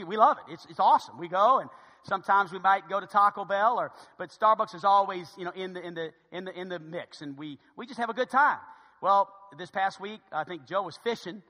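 A man's voice: high-pitched, in a large hall. A middle-aged man preaching as a pastor, telling a story conversationally and repeating words as he goes. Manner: repeats words, conversational, grows hushed when serious. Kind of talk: storytelling sermon.

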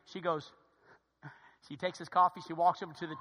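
A man's voice: high voice, quick pace, big-room sound, slight background noise. A middle-aged man preaching as a pastor, telling a story conversationally and repeating words as he goes. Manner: repeats words, conversational, grows hushed when serious. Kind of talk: storytelling sermon.

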